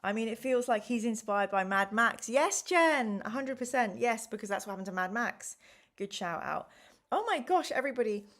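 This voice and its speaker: A woman's voice: on the high side, expressive, moderate pace, a bit bright. A woman hosting a live gamebook stream, chatting casually and answering viewers by name.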